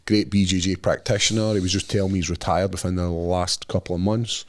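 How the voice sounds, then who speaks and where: Animated Scottish man telling stories. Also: low voice, fairly quick. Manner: swearing, animated storytelling with voices for others. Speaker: podcast co-host. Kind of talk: casual chat.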